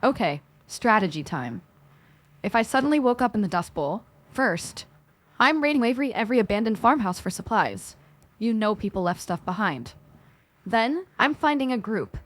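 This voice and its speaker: Lively woman with playful gamer talk. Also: medium pitch, normal speed. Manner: playful, uses gaming slang. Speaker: co-host. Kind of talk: scripted podcast banter.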